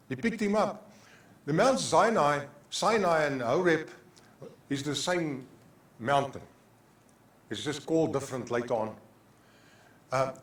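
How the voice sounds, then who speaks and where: Older South African pastor, echoey church. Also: male voice, a little high. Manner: impassioned preaching with repeated phrases, mixing in Afrikaans. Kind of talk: sermon. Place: church sanctuary.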